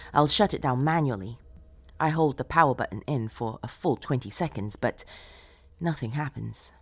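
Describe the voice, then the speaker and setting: A woman tells a first-person horror story with dramatic, expressive delivery, dropping to hushed tones and rising to shouts. Her pitch is lively and moves a lot. Soft music plays faintly under her voice.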